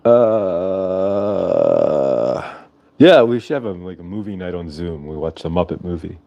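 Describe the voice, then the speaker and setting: A man's voice: sits low, lively intonation, slow, vocal fry, mellow, muffled recording. Chatty rambling guy hosting a live stream, voice swings up and down a lot. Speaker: host. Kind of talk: casual livestream chat.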